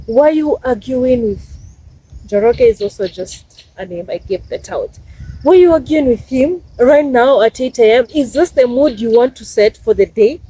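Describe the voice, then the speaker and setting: Young Kenyan woman, husky, mellow tone, emphatic vlog advice, repeats herself. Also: on the high side, expressive, normal speed, poor audio. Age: 20s. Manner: emphatic, repeats phrases for stress. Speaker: vlogger. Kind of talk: casual advice talk.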